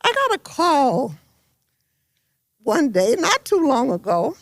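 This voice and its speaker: A woman's voice: slow, dry recording, studio quality. An older woman speaking as a congresswoman at a community roundtable, effusive and telling stories. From South Florida. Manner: effusive, storytelling, rises high when excited.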